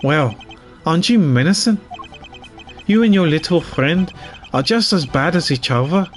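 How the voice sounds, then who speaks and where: A man's voice: fairly high pitch, lively intonation, moderate pace, soft background music, lightly acted. A man playing a smug, gloating villain chairman. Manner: condescending, taunting.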